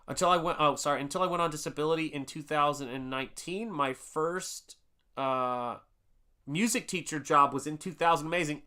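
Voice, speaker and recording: A man's voice: a little high, a little fast, sharp tone, clear, resonant tone. A middle-aged man from the United States hosting a casual live stream, chatting and reading viewer comments while he paints, rambling with restarts in a chummy way. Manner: rambling, restarts, reads chat aloud, chummy. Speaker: livestream host painting and chatting.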